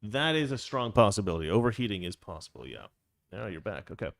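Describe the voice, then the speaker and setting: A man's voice: on the low side, big pitch swings, fast talker, gravelly, no echo. A middle-aged man hosting a casual political talk show, rambling and wry, often stopping to restart his sentences. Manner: rambling, self-interrupting, wry. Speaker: political commentary host.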